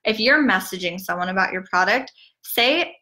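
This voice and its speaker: A woman giving a casual online marketing training, chatty and full of "like" and "um", who mimics gushing sales messages with big jumps in pitch. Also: expressive, moderate pace, sharp tone. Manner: chatty, peppered with "like" and "um". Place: streaming from home over the internet.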